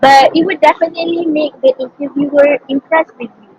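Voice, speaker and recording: A woman's voice: high voice, fairly even intonation, brisk, darkish tone, a little hiss or hum, rough recording. A young woman from Malaysia with a Malaysian English accent, answering interview questions hesitantly with many fillers and self-corrections. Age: young adult. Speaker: student interviewee.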